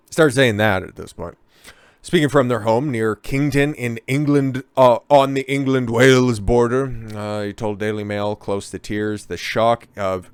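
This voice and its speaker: A man's voice: mid-range voice, smooth, dry recording, studio quality. A man hosting a reaction commentary, ranting with heavy profanity and sarcasm. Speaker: commentary channel host.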